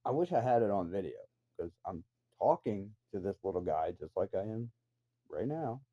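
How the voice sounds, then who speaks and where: A man's voice: on the low side, big pitch swings, moderate pace. A man telling a rambling personal story in a casual way. He swears freely and adds incredulous asides. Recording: dull lo-fi recording.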